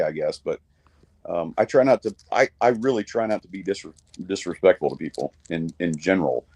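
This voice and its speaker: Middle-aged man, low dry voice. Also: darkish tone, no room sound. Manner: rambling, frequent restarts, casual swearing. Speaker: guest musician. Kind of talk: casual chat. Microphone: video call.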